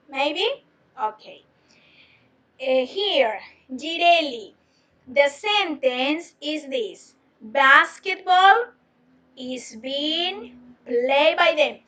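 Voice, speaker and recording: Woman teacher, high and bright, slow and patient, heard from a distance on an online class. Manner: slow, patient, repeats questions to students. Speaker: English teacher. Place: home, on a video lesson.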